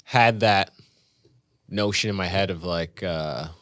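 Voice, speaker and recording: Laid-back low-voiced male comedian. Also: takes it slowly, a bit bright, no echo. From Canada. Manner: laid-back, loose, swears freely. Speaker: stand-up comedian guest. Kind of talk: casual podcast storytelling. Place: podcast studio.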